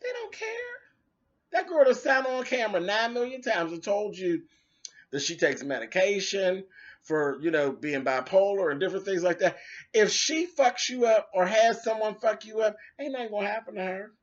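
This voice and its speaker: A man with a high voice rants in a sassy, cutting way, tossing off dramatic asides. The recording sounds dull and lo-fi. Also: expressive, moderate pace. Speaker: commentator. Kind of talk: casual rant video.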